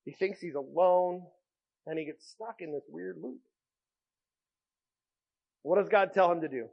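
A male pastor preaching a sermon, telling Bible stories with lively, animated delivery that swings from loud outbursts to hushed tones. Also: high-pitched, measured pace, gravelly, dull audio.

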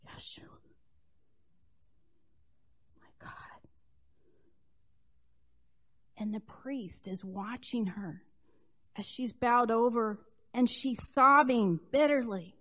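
A woman preaching a sermon, telling the story expressively and moving between loud emphasis and hushed asides. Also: on the high side, slow.

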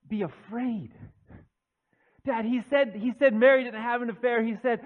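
A man preaching, acting out young Joseph as an excited young man who stammers and gushes into a phone call to his dad. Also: very high voice, pitched above the performer's own voice, heavily acted. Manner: breathless, stammering, gushing. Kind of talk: dramatized monologue in a sermon.

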